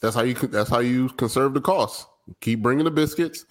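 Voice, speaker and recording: A man's voice: medium pitch, normal speed. A man co-hosting a podcast, chatting casually in a playful, goofy way with slang. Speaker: podcast co-host. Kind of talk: casual chat.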